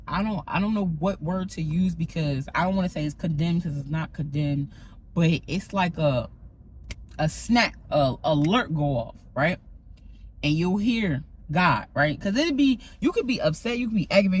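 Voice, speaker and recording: A woman's voice: on the low side, animated, measured pace, a little hiss or hum, rough recording. A woman giving a casual, emphatic faith talk to her viewers, often checking in with "right?" as she goes. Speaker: faith vlogger. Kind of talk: casual spiritual talk to camera.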